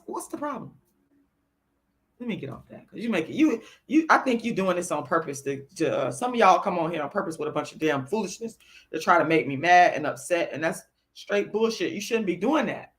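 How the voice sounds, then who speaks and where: A woman with a medium-pitched, slightly bright voice answers her chat on a livestream. As she gets worked up, she shifts between lecturing and blunt, profane venting in a heated rant.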